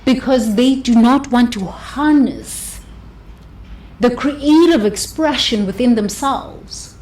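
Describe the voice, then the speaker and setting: Brief: woman, higher pitch, motivational monologue, animated and emphatic. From South Africa. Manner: expressive, laughs often, drawn-out emphatic words. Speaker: speaker giving a talk.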